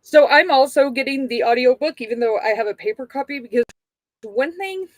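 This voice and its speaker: A woman with a light Texas accent chats in a high, bright register and laughs easily while poking fun at herself. The sound is close and dry. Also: fairly quick, no echo. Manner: chatty, laughs a lot, self-deprecating. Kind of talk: casual chat.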